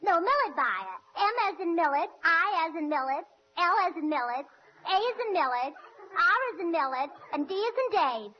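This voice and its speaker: A woman's voice: extremely high pitch, animated, moderate pace, highs cut off. A woman playing a scatterbrained, innocent character in a 1940s radio comedy, recorded from the broadcast.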